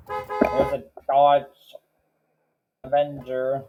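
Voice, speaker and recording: A man hosting a reaction video, naming car models one by one in a slow, matter-of-fact way. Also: mid-range voice, huge pitch swings, music in the background, low-quality recording. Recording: clear background noise with clicks.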